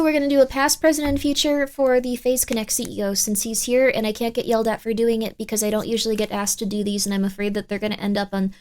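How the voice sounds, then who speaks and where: Chatty, high-voiced woman streamer. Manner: chatty, rambling, thanks viewers by name. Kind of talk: casual livestream chat with tarot reading.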